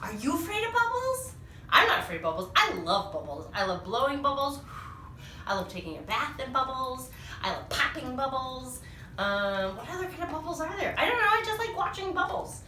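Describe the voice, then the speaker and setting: A woman reading a picture book aloud to young children, animated and full of sing-song questions, in a small echoey room. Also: high-pitched, fairly quick, distant mic, a little hiss or hum. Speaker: children's storyteller.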